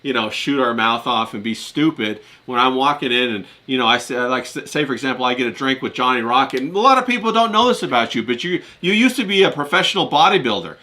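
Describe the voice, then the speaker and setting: Bright-voiced male host, meandering questions. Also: medium pitch, animated, quick pace, few pauses. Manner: meandering questions, fillers, laughs easily. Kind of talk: casual interview chat.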